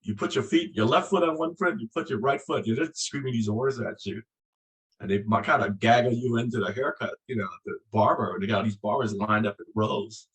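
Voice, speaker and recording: A man in his sixties, originally from Vietnam, speaks fairly quickly in a mid-range voice on a rough recording. As a guest in a casual storytelling interview, he tells his stories with animation and acts out the voices he quotes.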